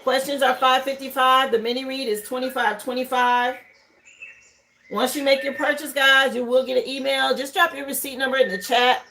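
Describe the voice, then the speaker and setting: A woman's voice: high voice, fairly even intonation, moderate pace, gravelly, sharp tone, a little hiss or hum, poor audio. A woman doing a casual live tarot reading at home, chatty, greeting viewers and thinking aloud over the cards. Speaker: tarot reader hosting a live stream. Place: home livestream setup, burning incense.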